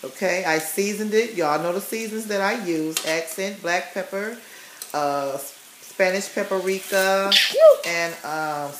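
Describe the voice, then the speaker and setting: A woman with a fairly low voice and an unhurried pace talks her viewers through a recipe, checking in with them every few sentences. Her voice bounces around a roomy home kitchen. A pan sizzles faintly behind her. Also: background noise. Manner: chatty, tags sentences with "okay?" and "you guys". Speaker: home cook vlogger. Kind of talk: casual cooking demonstration.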